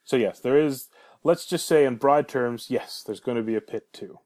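An easygoing man co-hosting a podcast with dry humor. His voice sits at a medium pitch, and his delivery is relaxed and conversational. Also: normal speed. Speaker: podcast co-host, game developer. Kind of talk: casual banter.

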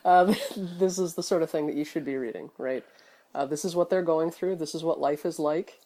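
A man's voice: a little high, fairly quick, mellow. A man co-hosting a casual podcast, talking in a rambling way with many fillers and restarts. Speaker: podcast co-host.

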